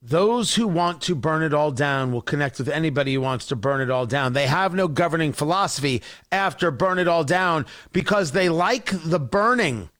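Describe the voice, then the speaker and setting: A man's voice: fairly high pitch, animated, normal speed, few pauses, fairly bright tone. A man hosting a talk show, delivering an impassioned, sarcastic opinion monologue.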